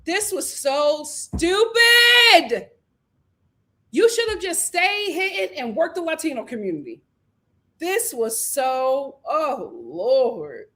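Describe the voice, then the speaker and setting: High-pitched, sassy woman commentator. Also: takes it slowly. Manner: animated, sassy, swinging between shouts and low asides. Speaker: commentary channel host. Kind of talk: casual reality-show commentary.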